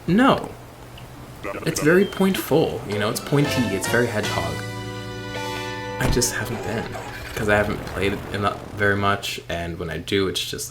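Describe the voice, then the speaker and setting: A sleepy man chatting casually and rambling while playing a game late at night, with sudden excited squeals. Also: fairly low pitch. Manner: rambling, self-deprecating, bursts of excited squeals. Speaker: streamer.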